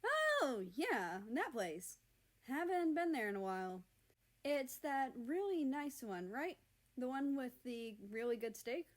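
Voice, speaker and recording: A woman's voice: high voice, expressive, unhurried, a little mellow, voice pushed up. A woman voicing a teasing, cheerful young man. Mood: playful. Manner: teasing, upbeat. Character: playful, affectionate young man driving home.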